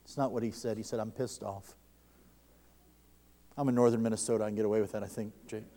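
A man preaching a sermon to a congregation, fervent, and his voice rises loud when he quotes others. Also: on the low side, little pitch movement, racing.

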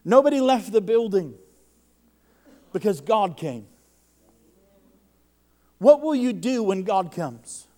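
High-voiced man preaching with fervor. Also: big pitch swings, takes it slowly, long pauses, a little mellow. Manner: impassioned, often doubles the first word of a sentence. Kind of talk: sermon. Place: church service before a congregation.

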